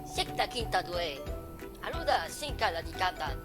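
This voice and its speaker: A woman's voice: lowish voice, sing-song, a little fast, over loud music. A woman voicing a cartoon game character who babbles nonsense syllables in a bouncy sing-song. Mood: chattering.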